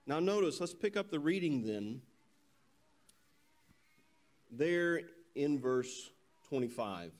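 A male preacher giving a sermon, telling a scripture story with animated delivery and reading verses slowly and solemnly. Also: fairly high pitch. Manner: animated storytelling, voices quoted characters.

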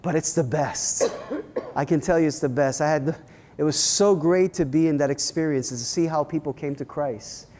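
A man, a pastor, giving a workshop talk, telling personal stories in an animated way with many restarts and repeated words. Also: on the high side, moderate pace, long reverb tail. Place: church hall at a leadership weekend.

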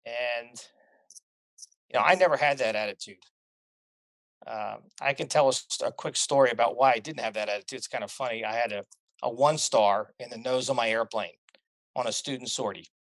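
Brief: middle-aged male guest spinning lively anecdotes, mid-pitched, dry and close. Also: normal speed, no room sound. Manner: animated storyteller, laughs at his own tales. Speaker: guest, corporate pilot. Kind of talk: casual storytelling chat.

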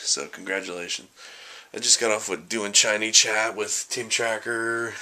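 A man's voice: lowish voice, steady tone, unhurried, sharp tone. A young man vlogging casually, joking, rambling and making fun of himself. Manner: joking, rambling, self-mocking. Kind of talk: casual vlog.

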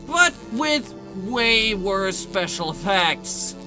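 A man giving a sarcastic, comedic movie review, mocking and exasperated, swearing and now and then shouting in outrage. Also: high voice, very animated, very slow, over loud music.

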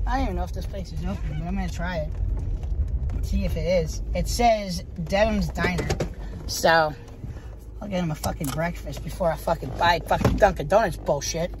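A woman from the United States talks to the camera in a casual vlog, blunt and heavily profane. Her voice is on the low side, her pace moderate, and the background is noisy.

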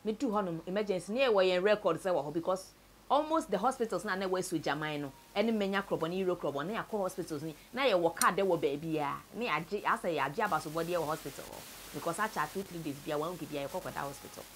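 A Ghanaian woman with a somewhat low voice tells a painful story from her own life. She mixes Twi and English and often drops to a quiet, sunken tone. A faint noise sits under the recording. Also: fast. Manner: tells a sad story, switches between Twi and English, voice sinks low and soft. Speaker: interviewee. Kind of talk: personal story told to camera.

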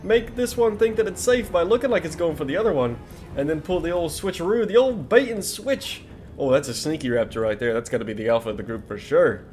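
A man hosting a casual video game commentary, excitable and jokey as he talks to his viewers. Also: a little high, a little fast. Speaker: gaming video host.

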